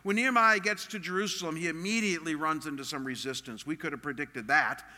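A man's voice: on the high side, quick pace, sharp tone, in a large hall. A man preaching a sermon as a pastor, earnest and emphatic in a conversational way.

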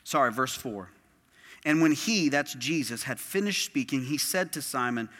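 A man's voice: mid-range voice, expressive, moderate pace, a bit bright. A man preaching a sermon as pastor, emphatic and impassioned, with lots of repetition. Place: church sanctuary. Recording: long reverb of a large hall.

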